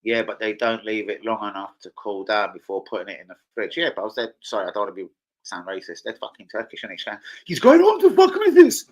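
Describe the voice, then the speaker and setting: A man's voice: lowish voice, steady tone, fast, fairly bright tone, rough recording. A young man hosting a football livestream, rambling through sweary anecdotes in casual chat. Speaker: football channel host.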